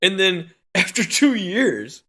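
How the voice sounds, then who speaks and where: Bright-voiced man ranting, swearing hard. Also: sits high, big pitch swings, takes it slowly. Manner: angry, swearing, laughing between bursts. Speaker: podcast co-host. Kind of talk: profane rant on a podcast.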